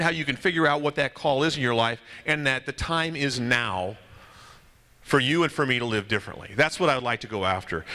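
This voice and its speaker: A man speaking at a men's conference, telling a story in a dramatic, animated way that builds to loud cries, then speaking directly to the audience. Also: fairly high pitch. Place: conference hall.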